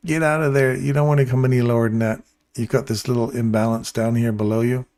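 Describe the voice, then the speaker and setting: A man with a voice of ordinary pitch hosts a live trading stream. He keeps up a loose, joking running commentary and calls out to his viewers by name. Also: steady tone, quick pace, darkish tone. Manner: playful, chatty, addresses viewers by name. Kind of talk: casual live commentary to chat.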